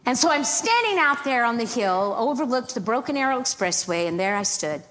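A middle-aged woman, a guest minister, telling a lively storytelling sermon, acting out other people's voices and laughing often. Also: on the high side, a little fast. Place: church sanctuary. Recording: reverberant church hall, faint background noise.

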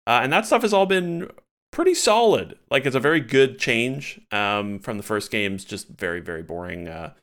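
Guy with a smooth clear voice, casual podcast chat, rambly and animated. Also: mid-range voice, moderate pace. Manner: animated, loose, many fillers and restarts. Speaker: podcast co-host.

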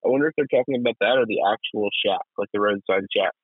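A man's voice: lowish voice, fast, breathy edge. A young man chats loosely as a podcast co-host, swearing freely and laughing often. His voice comes through thin and phone-like. The sound is dry and close, with no room echo. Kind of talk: casual chat.

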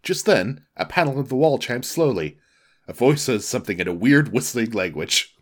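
A man with a plain, mid-pitched voice, reading a gamebook aloud in a wry, amused way and breaking off for joking asides. His delivery is relaxed and comic. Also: normal speed. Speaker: co-host, reader.

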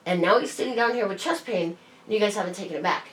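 A woman's voice: mid-range voice, fast, a bit bright, slight background noise. A woman telling a story in casual chat, bluntly and with plenty of swearing. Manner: blunt, swears freely, leans on "like". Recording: echoey room with faint ambience.

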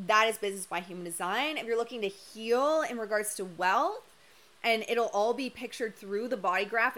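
A woman's voice: medium pitch, fairly bright tone. A young woman coach giving a candid, emphatic live-stream talk that has casual swearing, her voice slightly worn as she loses it. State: losing her voice. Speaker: human design coach.

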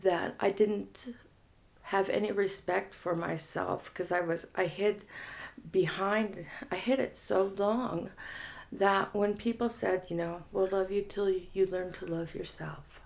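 Woman, recovery story, reflective, halting, frank, slow pace, gravelly creak. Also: mid-range voice, steady tone, darkish tone. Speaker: guest in recovery.

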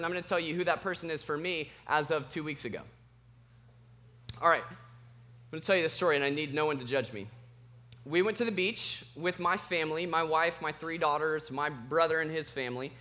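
A man preaching a sermon as pastor, telling a personal story in an animated, self-mocking way. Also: a little high.

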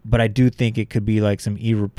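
A man's voice: on the low side, flat delivery, fast talker, dark tone, no room sound. A young man co-hosting a podcast, telling stories in a rambling, profane way full of "like". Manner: profane, rambling storyteller, heavy "like" filler. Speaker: podcast co-host. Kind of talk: casual podcast chat.

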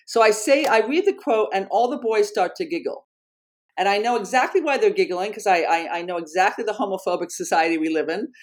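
A middle-aged woman researcher and author, telling a story as an interview guest in an earnest, animated way, with frequent restarts. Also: mid-range voice, a little fast.

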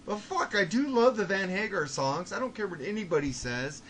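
A man hosting a podcast, swearing constantly and ranting with excitable energy. His voice sits a bit high for a man, and there is a faint noise under the recording. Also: fairly quick. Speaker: podcast host. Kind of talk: casual podcast chat.

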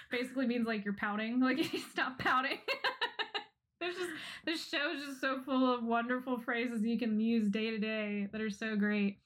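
Woman podcast co-host, slightly high pitch, casual and giggly, quick acted-out quotes. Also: a bit bright. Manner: laughs often while retelling jokes; acts out quoted lines in quick bursts. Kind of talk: casual chat.

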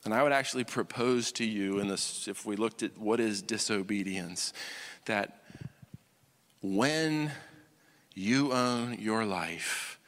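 A man's voice: fairly low pitch, slow pace. Preacher man in an echoing hall. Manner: conversational, keeps asking "you follow me?"; swings from loud emphatic to hushed intense. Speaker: pastor. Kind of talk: sermon. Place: church auditorium. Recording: long reverb of a large hall.

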